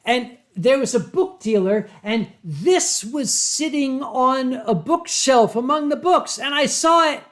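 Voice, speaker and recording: A man from Pennsylvania hosting a casual livestream from home, reading viewer comments and telling stories with drawn-out dramatic emphasis into a webcam mic. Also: extremely high pitch, animated, a bit bright. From Pennsylvania, USA. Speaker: livestream host.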